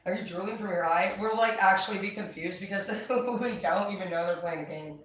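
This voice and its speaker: A woman's voice: medium pitch, fairly quick, a bit bright. A woman vlogger talking casually and upbeat, swearing freely as she chats. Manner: chatty, profane, upbeat. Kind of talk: casual chat. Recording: echoey, distant mic, faint ambient noise.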